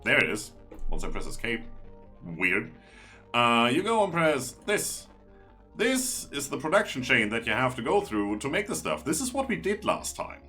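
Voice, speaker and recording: A man's voice: medium pitch, huge pitch swings, moderate pace, sharp tone, faint music behind. A man streaming a game live, chatting and explaining each step as he plays.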